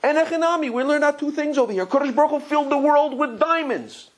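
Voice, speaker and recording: A man teaching a Torah class as a rabbi, telling stories in an animated, digressive way and often repeating words. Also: very high voice, fast talker. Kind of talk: Torah lecture with storytelling.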